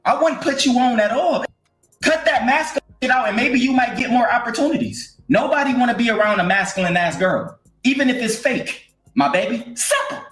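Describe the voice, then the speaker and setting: A man's voice: very high-pitched, lively intonation, brisk, a bit bright. A man giving blunt, slangy, scolding commentary on a stream. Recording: roomy echo with faint music.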